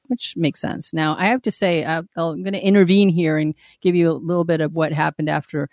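A woman hosting a podcast who teases her co-host and reads listener posts aloud in a measured way. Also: low voice, steady tone, a little mellow, no room sound, clean studio sound. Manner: laughing, teasing, measured when reading. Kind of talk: casual chat and reading aloud.

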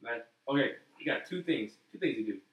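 A man's voice: medium pitch, brisk. A young man chatting casually and acting out quotes as he tells stories, recorded in a roomy space. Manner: animated storyteller, acts out quotes. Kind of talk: casual chat. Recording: roomy, from far off the mic.

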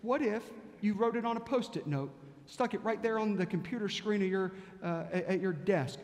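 High-voiced male pastor preaching in reverb. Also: normal speed. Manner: storytelling, repeated rhetorical questions. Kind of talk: sermon.

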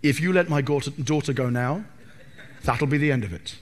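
A man doing a cold, growling vengeful father. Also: natural voice. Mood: menacing. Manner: low, slow, menacing delivery. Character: grim middle-aged father coldly threatening kidnappers. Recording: reverberant hall.

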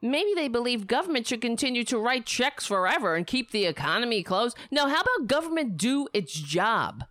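A woman's voice: a little high, big pitch swings, moderate pace, hardly any pauses, fairly bright tone, no echo, studio quality. A woman hosting a political commentary show, delivering a profane, sarcastic, angry rant.

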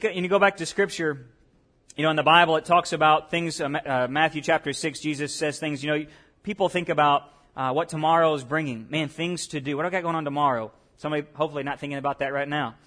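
A man's voice: fairly high pitch, fairly even intonation, quick pace, fairly bright tone. A male pastor preaching a conversational sermon, often repeating himself and putting questions to the congregation.

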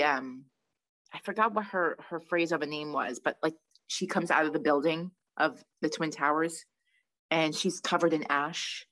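Emotive woman, low voice. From Long Island, New York. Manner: emotional, animated storytelling with many restarts. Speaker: podcast co-host. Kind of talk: casual podcast chat.

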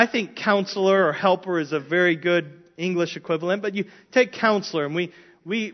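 A man's voice: fairly high pitch, dull audio. A man preaching a conversational sermon as a pastor, often repeating words and asking the congregation questions.

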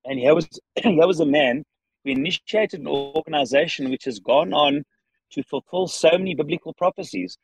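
A man with a South African accent, a podcast guest answering questions earnestly from his parked car, with frequent restarts and pauses. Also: fairly high pitch, highs cut off. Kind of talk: thoughtful interview answers.

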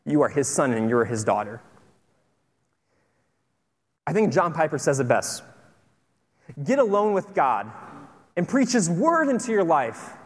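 Earnest pastor preaching in a reverberant church. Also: male voice, high-pitched. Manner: animated storytelling, conversational and earnest. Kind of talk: sermon. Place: church sanctuary. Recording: long hall reverb with faint music.

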